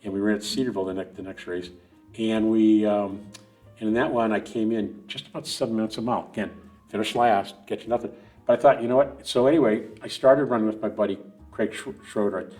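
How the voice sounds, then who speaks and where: Over soft background music, a middle-aged guest on a running podcast talks fast in a fairly low, darkish voice. His casual interview stories ramble on, with frequent restarts and side comments.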